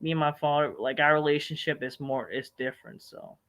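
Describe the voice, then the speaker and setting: A man hosting a live stream, answering viewer questions in a rambling, profane, animated rant with sudden loud outbursts. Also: a little high, brisk.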